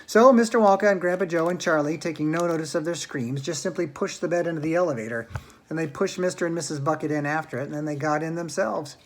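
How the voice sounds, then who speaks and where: A man reading a children's book aloud at home, in a plain, unhurried way with small slips. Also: on the high side. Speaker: storyteller.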